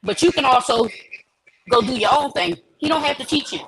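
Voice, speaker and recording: A woman hosting a live chat, telling an animated story and acting out the dialogue. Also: high voice, a little fast, a little hiss or hum, poor audio. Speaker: host.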